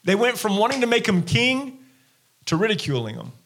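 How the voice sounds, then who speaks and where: A male pastor preaching a sermon in an animated way, acting out the people he quotes. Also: high voice, normal speed, a little hiss or hum.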